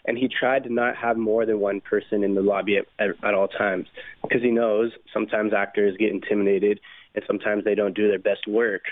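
A young man with a low voice, chatting easily on air as a guest actor. He comes through a tinny phone line, and he pads his speech with "um" and "like". He sounds relaxed and dry. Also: a little fast, no room sound. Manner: relaxed, casual, filler-heavy. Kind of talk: phone interview.

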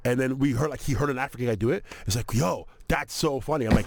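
A man's voice: medium pitch, fast talker, vocal fry, hardly any pauses, a crowd in the background. A man guesting on a podcast as a comedian, telling stories animatedly with plenty of laughter. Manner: animated storyteller, lots of laughter. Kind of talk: casual chat.

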